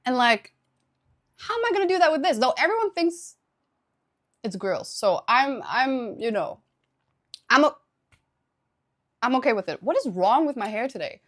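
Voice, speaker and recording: A woman's voice: sits high, very animated, normal speed, long pauses, fairly bright tone. A young woman live streaming, chatting casually with her viewers, laughing often and thanking them for subscriptions.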